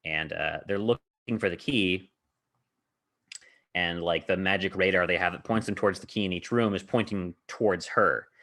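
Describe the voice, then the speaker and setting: A podcast host who doubles as a game master casually recounts a tabletop game session he ran. His voice sits low and a bit bright at a normal speed, and he rambles, laughs often and leans heavily on filler words.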